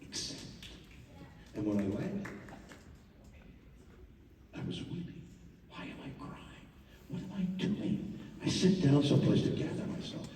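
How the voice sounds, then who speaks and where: A man's voice: mid-range voice, big pitch swings, slight background noise. Dramatic man in an echoey hall. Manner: dramatic, swings between hushed murmurs and loud outbursts; halting repetitions and restarts. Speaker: stage performer telling a personal story. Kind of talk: live theatrical monologue. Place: large theater. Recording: echoey hall, mic far off.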